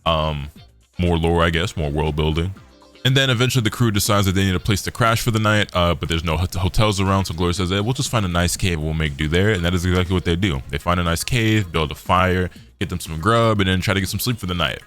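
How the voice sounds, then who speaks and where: A young man chatting through an anime episode recap in a loose, rambling, slang-heavy way. His voice sits on the low side, and soft music plays quietly behind him. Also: fast. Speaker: anime reviewer. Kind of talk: casual recap chat.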